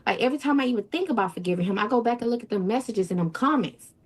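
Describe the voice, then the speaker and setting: A woman's voice: on the high side, expressive, racing. A woman telling her own story as an interview guest, often quoting others and swinging her voice up and down. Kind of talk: emotional first-person account.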